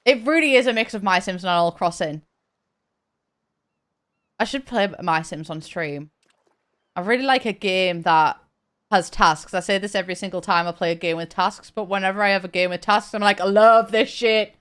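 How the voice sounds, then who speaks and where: A young woman chatting and laughing while she streams a game, talking in halting bursts with frequent restarts. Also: medium pitch, a bit bright. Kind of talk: casual live-stream chat while gaming.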